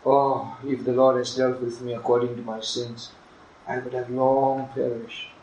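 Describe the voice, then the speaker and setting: A man preaching a sermon, emphatic, dropping to hushed asides and rising to loud exclamations. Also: mid-range voice, little pitch movement, unhurried. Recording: echoey room with faint ambient noise.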